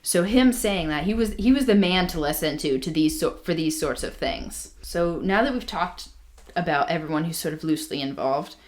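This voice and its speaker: A woman's voice: low voice, lively intonation, normal speed. A woman co-hosting a casual podcast, telling a history story with many ums and restarts. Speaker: podcast co-host.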